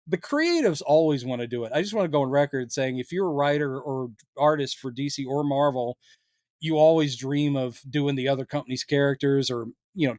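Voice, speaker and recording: A man with a fairly high, animated voice, joking his way through a casual podcast chat. He slips into silly voices for quotes. The sound is close and dry, with no room around it. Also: dry recording. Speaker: podcast co-host.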